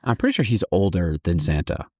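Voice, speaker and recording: A man co-hosting a podcast in casual chat, swearing freely and joking with animated energy. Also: low voice, fairly quick, no room sound, studio quality. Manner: profane, animated, jokey. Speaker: podcast co-host.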